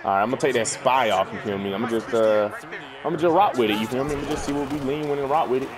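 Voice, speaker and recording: A man's voice: mid-range voice, racing, crowd noise. A young man commentating his own football video game match live, hyped and trash-talking. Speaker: gaming YouTuber.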